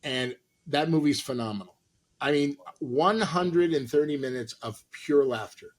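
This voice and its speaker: A middle-aged man from Los Angeles, an actor and comedian, telling animated stories in an interview and acting out the people he quotes. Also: on the high side, a little slow. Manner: animated anecdotes with acted-out quotes. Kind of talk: storytelling interview.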